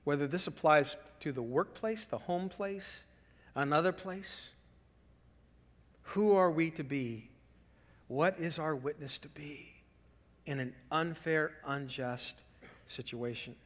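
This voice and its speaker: A man preaching a sermon as pastor, swinging from loud emphasis to hushed whispers and telling lively stories with rhetorical questions. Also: a little high, slow pace, long pauses, big-room sound. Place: church sanctuary.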